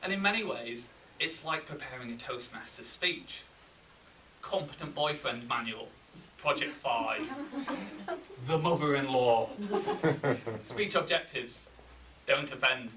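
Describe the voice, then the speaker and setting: A man with a Yorkshire accent giving a humorous contest speech, with deadpan timing and pauses for laughs. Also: medium pitch, slight background noise. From England. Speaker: contest speaker. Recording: roomy hall, mic from a distance.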